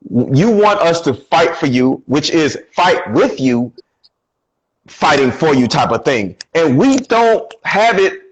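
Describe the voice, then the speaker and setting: A man talking as a relationship coach in a casual conversation, animated and acting out what people say. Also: a little high, slightly rough, rough recording. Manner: animated, acts out quoted voices.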